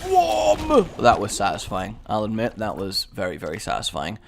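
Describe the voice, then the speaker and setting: A young English man giving chatty, sarcastic let's-play commentary, rambling into asides and breaking into excited yelps. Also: deep voice, brisk, slight background noise. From England. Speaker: gaming YouTuber.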